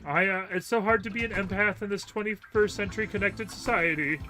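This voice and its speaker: A man's voice: high voice, a little fast, sharp tone, pitched above the performer's own voice. A man voicing a weepy, self-pitying male killer who wants to be a pop singer, reading his lines with melodramatic sobs. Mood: mournful.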